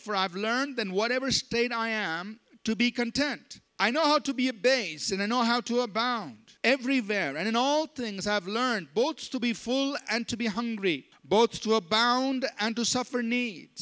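High-voiced man preaching a sermon. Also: fairly bright tone. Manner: emphatic preaching, slows down on scripture, asks congregation to respond. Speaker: pastor.

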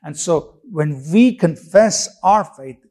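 A man preaching a sermon with a somewhat high voice. He talks emphatically, repeats phrases for effect and fires off rhetorical questions, sometimes restarting mid-sentence. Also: expressive, slow, mellow.

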